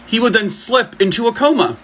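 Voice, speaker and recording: A man's voice: very high voice, lively intonation, a little fast, fairly bright tone, husky. A man hosting a true crime video, telling cases in a blunt, casual way and swearing freely, with background music.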